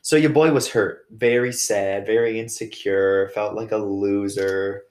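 Young guy rambling on his podcast, pokes fun at himself, kinda low voice. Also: steady tone, measured pace, darkish tone, echoey room. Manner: joking, self-deprecating storyteller. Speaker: podcast host. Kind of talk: casual solo podcast monologue.

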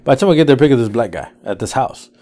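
Speaking rapid-fire at a medium pitch, this podcast co-host animatedly spins casual rideshare tales full of profanity, doing the voices of his passengers.

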